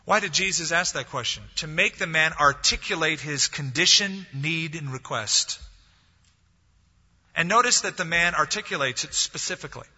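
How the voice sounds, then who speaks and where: A man's voice: a little high, normal speed, pushed and bright. A man preaching a sermon as pastor, telling a story and acting out the voices of the people in it. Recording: dull lo-fi audio, long hall reverb.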